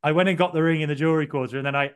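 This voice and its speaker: Male podcast co-host, somewhat high, smooth clear voice; rambling, self-deprecating storyteller full of ums and uhs. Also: steady tone, very fast. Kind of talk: casual podcast chat.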